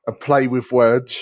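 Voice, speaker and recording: Man, slow and laid-back, on a dry, dull lo-fi mic, podcast banter. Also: medium pitch. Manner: laid-back, hesitant with ums, chuckles at own jokes. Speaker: podcast co-host.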